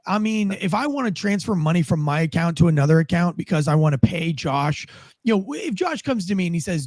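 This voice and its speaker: A man with a high voice hosts a podcast and rambles through the news in loose, profane chat. His tone is animated and his swearing comes easily. The sound is dry and close, with no room in it. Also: a little fast, no room sound. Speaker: podcast host. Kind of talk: casual political commentary.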